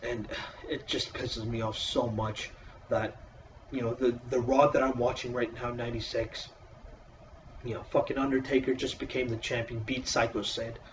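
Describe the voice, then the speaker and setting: A man's voice: medium pitch, level tone, normal speed, recorded from a distance, highs cut off, a little hiss or hum. A man casually reviewing a wrestling show in a profane, exasperated, sarcastic rant.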